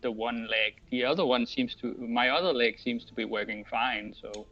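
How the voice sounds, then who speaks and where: A man playing a tabletop game, talking in a halting, tentative way with many fillers. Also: mid-range voice, little pitch movement, lo-fi sound. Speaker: player.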